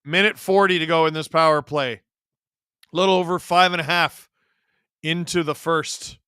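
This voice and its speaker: A man gives excitable, continuous play-by-play of a game as it happens, at a moderate pace with a clean tone. His voice is high and sharp and jumps to shouting when a big chance comes, recorded dry and close without room echo.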